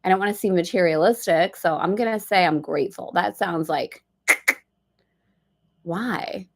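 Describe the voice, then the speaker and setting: A woman's voice: on the low side, measured pace. A middle-aged woman hosting a spiritual study livestream from a boat, talking in a chatty, upbeat, rambling way with playful asides. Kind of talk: casual livestream chat.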